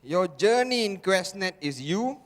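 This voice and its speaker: A male motivational speaker addresses a live audience in a large seminar hall and keeps repeating rhetorical questions to draw them in. His voice sits high, and he speaks slowly and deliberately. Long reverb hangs after each line. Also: animated. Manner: repetitive rhetorical questions to the crowd.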